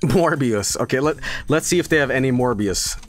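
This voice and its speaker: A man's voice: medium pitch, animated, moderate pace, faint music behind. A man streaming live, joking casually with lots of swearing and laughter. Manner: profane, joking, often laughing.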